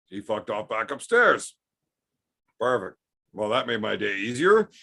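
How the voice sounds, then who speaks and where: Brief: tipsy male stream host, gravelly voice, foul-mouthed and rambling. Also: lowish voice, expressive, takes it slowly, pauses often, bright, forceful tone. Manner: profane, rambling storyteller. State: drinking, tipsy. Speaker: livestream host reading chat. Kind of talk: casual storytelling chat.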